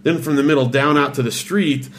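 Man, casual chat, fast talker, animated storytelling, lots of "like", faint ambient noise. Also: medium pitch. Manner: animated retelling, acts out quoted voices; fast, filler-heavy with "like".

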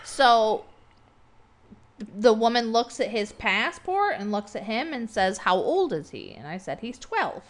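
A woman's voice: on the high side, very animated, unhurried. A middle-aged woman from the United States, co-hosting a podcast in casual chat, telling stories with laughter and acting out quoted lines. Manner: chatty storyteller, laughs and acts out quotes. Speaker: podcast co-host.

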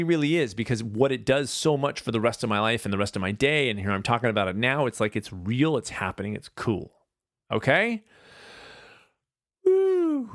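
A man hosting his own podcast, talking casually and rambling through animated asides. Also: mid-range voice, dry recording, studio quality. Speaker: podcast host. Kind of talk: casual solo podcast monologue.

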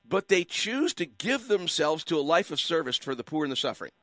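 A man's voice: a little high, very animated, a little fast, a bit bright, dry recording, studio quality. A man hosting a call-in radio show, preaching with fire and hammering his listeners with rhetorical questions. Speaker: radio talk show host. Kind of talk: impassioned call-in radio commentary.

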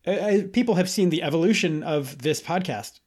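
A man's voice: a little high, lively intonation, brisk, a little mellow. A young man hosting a podcast, chatting casually, laughing and reading quotes aloud. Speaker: podcast host. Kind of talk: casual chat.

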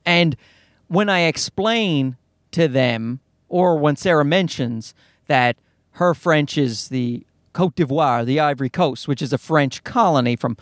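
A man's voice: a little high, dry recording, studio quality. A man, likely in his thirties, telling a comic story as a profane, exasperated rant.

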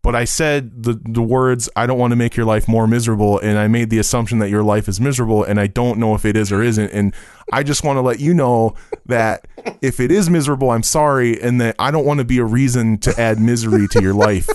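A man's voice: medium pitch, fairly even intonation, a little fast, darkish tone, smooth, no echo, studio quality. A man telling stories in a casual podcast chat, rambling with many fillers and swearing freely.

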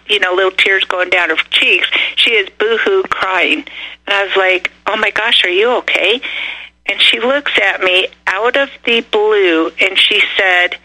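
An older woman, a radio guest calling in, telling personal stories in a blunt, animated way over a phone line. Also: mid-range voice. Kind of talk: casual storytelling.

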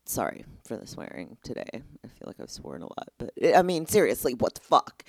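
Young woman host, low and dry, candid rambling chat, fed-up tone. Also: animated, normal speed, creaky, dry recording. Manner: candid, exasperated, rambling with lots of "like". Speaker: podcast host. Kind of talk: casual solo podcast chat.

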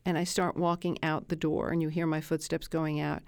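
A woman's voice: sits low, level tone, moderate pace, creaky, clean tone, no room sound, clean studio sound. A woman researcher being interviewed, telling anecdotes and acting out quoted dialogue in a conversational way. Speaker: animal researcher guest.

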